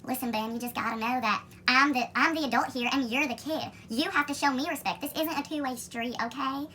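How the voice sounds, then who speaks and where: A man's voice: very high voice, brisk, sharp tone, a little hiss or hum, voice pushed up. A man putting on the voice of a smug, condescending female teacher who lectures in a patronizing tone.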